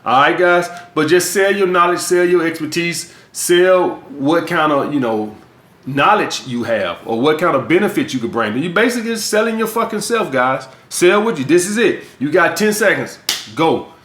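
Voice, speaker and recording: A man's voice: fairly high pitch, lively intonation, normal speed, fairly bright tone. A man from the US South with a Southern accent, giving blunt, profane dating and sales advice as a coach in a vlog monologue. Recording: echoey room.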